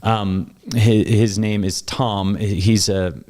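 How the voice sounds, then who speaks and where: A man from Wyoming telling a long story in casual conversation, animated and jumping up in pitch when he acts out what people said. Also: slow pace. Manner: animated, acts out quoted voices with big pitch jumps. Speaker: guest.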